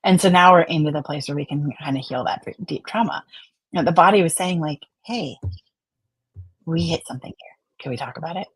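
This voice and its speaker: A woman therapist talking casually on a podcast, often acting out quiet therapy dialogue with clients. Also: sits low, animated, a little fast, pauses often, breathy edge, no echo, poor audio. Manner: chatty, acts out client dialogue in a soft quiet voice.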